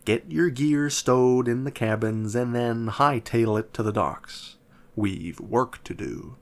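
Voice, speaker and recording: Man voicing a grumpy pirate, gruff accent, growls, takes his time. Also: medium pitch, takes it slowly. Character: gruff old male pirate instructor, surly.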